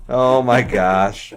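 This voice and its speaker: A young man co-hosting a casual podcast, making dry joking asides. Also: mid-range voice. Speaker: podcast co-host. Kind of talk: casual chat.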